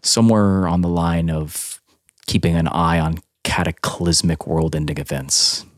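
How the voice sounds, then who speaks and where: A man playing an earnest paladin who serves a god of light, speaking in his own calm voice. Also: low voice, unhurried, no echo, clean studio sound.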